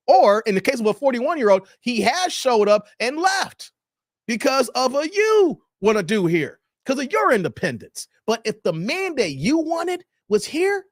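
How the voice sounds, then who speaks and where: A man's voice: extremely high pitch, dry recording, clean studio sound. A man hosting a reaction channel, giving preachy dating commentary and acting out the people he quotes. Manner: animated, preachy, acts out quoted voices.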